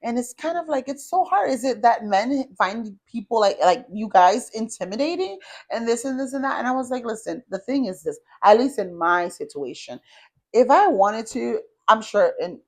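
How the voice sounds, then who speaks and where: A woman co-hosting a faith podcast who listens with steady affirmations and speaks earnestly when it is her turn. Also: a little high, moderate pace. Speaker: podcast co-host. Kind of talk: candid faith-based conversation.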